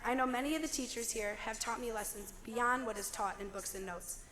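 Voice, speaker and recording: Young woman, hoarse, slightly high voice, wry graduation speech, long hall reverb. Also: a little fast, crowd noise. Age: young adult. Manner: wry, joking asides. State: hoarse, losing her voice. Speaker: class president giving a graduation speech. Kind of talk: commencement speech.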